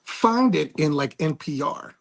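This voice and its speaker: A man's voice: on the high side, expressive, measured pace, vocal fry. A man hosting his own show, telling a rambling, snarky story with many restarts. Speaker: host. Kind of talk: casual monologue.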